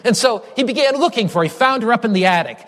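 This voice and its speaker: Brief: male preacher with a high voice, emphatic sermon delivery full of repetition and stories, long reverb of a large hall. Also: lively intonation, fast, a bit bright. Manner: emphatic, builds through repeated phrases and storytelling.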